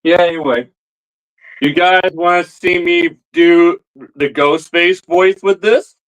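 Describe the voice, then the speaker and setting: A man's voice: high-pitched, takes it slowly, fairly bright tone, rough recording. A man talking to camera in a rambling comedy vlog, stammering and repeating words as he goes.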